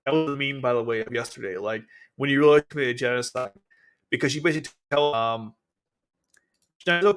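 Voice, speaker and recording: A man's voice: mid-range voice, smooth, faint music behind. Man giving casual anime commentary. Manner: animated, acts out characters' lines in quick bits. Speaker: anime analysis streamer.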